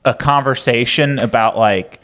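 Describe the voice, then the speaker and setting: A man's voice: medium pitch, measured pace, a bit bright. A man co-hosting a casual history podcast, bantering easily and often saying "like". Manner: easygoing, chuckling banter, lots of "like". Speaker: podcast co-host.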